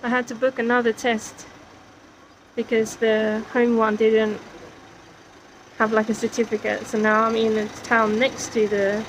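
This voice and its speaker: A woman's voice: fairly high pitch, flat delivery, measured pace, long pauses. A woman chatting casually in her vlog, saying "like" a lot and laughing often, recorded in her vehicle. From England. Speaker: vlogger. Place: in a car or van. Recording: distant mic with background noise.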